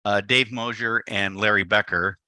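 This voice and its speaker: A man's voice: fairly low pitch, fairly even intonation, moderate pace, pushed and bright, no echo. A man, a photographer, giving a live talk to an audience and telling a playful story that he acts out in little dialogues. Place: event space.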